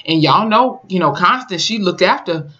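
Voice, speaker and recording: A vlogger recaps a TV episode in casual, emphatic storytelling, with a voice that swings up and down as they go. The sound is a little muffled and lo-fi, like a built-in camera mic. The middle-pitched delivery stays chatty throughout. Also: normal speed. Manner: animated storytelling, colloquial and emphatic. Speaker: TV episode reviewer.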